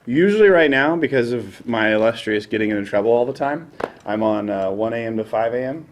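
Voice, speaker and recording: A man's voice: mid-range voice, expressive, brisk, a little hiss or hum. Young guy rambling thru a funny radio story, acts out everyone's voices, kinda self-deprecating. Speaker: late-night radio DJ, podcast guest. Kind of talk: casual anecdote telling.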